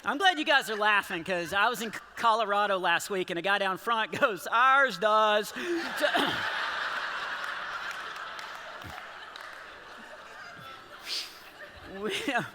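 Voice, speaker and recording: A man's voice: sits high, expressive, drawn-out words, pauses often, crowd noise, background noise. A man in his forties doing rambling, self-deprecating stand-up comedy in a church, often laughing at his own jokes. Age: 40s. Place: large church hall with a live audience. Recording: long hall reverb.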